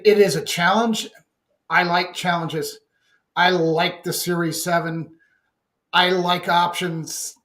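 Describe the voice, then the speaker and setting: A man's voice: on the high side, fairly bright tone. A man co-hosting a live stream, chiming in with short, agreeable remarks. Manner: brief, agreeable interjections. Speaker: co-host. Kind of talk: casual live-stream chat. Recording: echoey room sound.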